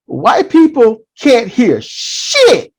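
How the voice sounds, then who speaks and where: Animated, profane man telling stories. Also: very high voice, very slow, breathy edge. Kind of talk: casual chat.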